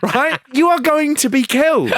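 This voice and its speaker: Animated man telling a story. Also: extremely high pitch, normal speed, no echo, studio quality. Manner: animated storytelling, acts out quotes, swears. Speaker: podcast co-host. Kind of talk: casual chat.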